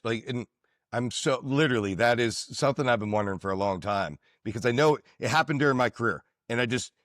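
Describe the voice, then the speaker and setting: A man's voice: medium pitch, a bit bright, dry recording, clean studio sound. A man hosting a casual podcast and teaching firefighters, enthusiastic and chatty, thinking aloud as he talks. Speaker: podcast host, firefighter instructor.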